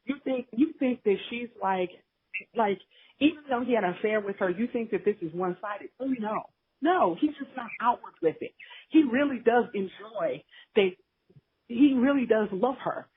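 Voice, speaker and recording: A woman's voice: a little high, expressive, normal speed, breathy edge. A woman co-hosting a podcast, recapping a drama in casual, gossipy storytelling and acting out the characters' lines. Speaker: podcast co-host. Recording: tinny phone line.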